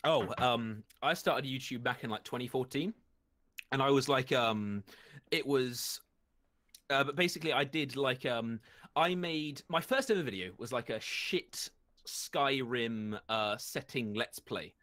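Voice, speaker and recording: A man's voice: medium pitch, expressive, unhurried, fairly bright tone, no room sound. A British man giving a casual interview, hesitant with many ums and self-deprecating asides. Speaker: interview guest, YouTuber. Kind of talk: casual chat.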